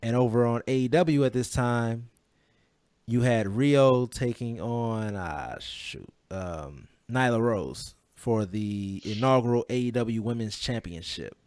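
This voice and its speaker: A man's voice: mid-range voice, slow, a little mellow, no room sound. A man hosting a casual wrestling podcast, joking and laughing often as he leads the rundown. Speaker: podcast host.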